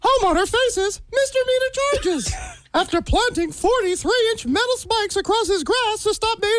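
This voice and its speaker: A radio host doing a Mickey Mouse impression: a squeaky cartoon mouse reading news headlines and giggling between words. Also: animated, normal speed, a bit bright, no room sound. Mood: giggly.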